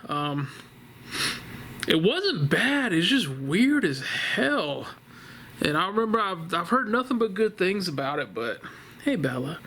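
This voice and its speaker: A man's voice: high-pitched, big pitch swings, a little slow, pushed and bright. A man casually reviewing a horror movie from his couch at home, rambling and laughing, blunt and profane. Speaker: vlogger reviewing a horror film. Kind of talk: casual spoken film review. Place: living room couch at home.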